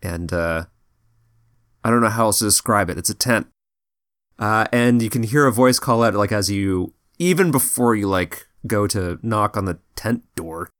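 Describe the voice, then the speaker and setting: A man's voice: lowish voice, lively intonation, normal speed, fairly bright tone, no room sound, studio quality. A man narrating a tabletop game as game master, in a loose, rambling way.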